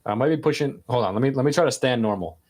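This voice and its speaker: A man's voice: medium pitch, animated, rapid-fire, darkish tone, no echo. A man hosting a livestream, chatting casually in a loose, rambling, reflective way. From United States. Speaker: livestream host.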